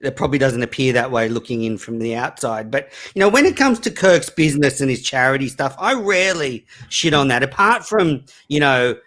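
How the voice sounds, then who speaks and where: A man's voice: medium pitch, lively intonation, a little fast, few pauses, fairly bright tone. A male guest in casual chat, defending himself with lots of fillers and hesitations.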